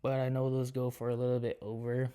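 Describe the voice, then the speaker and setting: A man's voice: medium pitch, quick pace, clean tone. A laid-back young man, a college student, chatting casually as a podcast guest. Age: young adult. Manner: laid-back, relaxed storytelling. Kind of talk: casual chat.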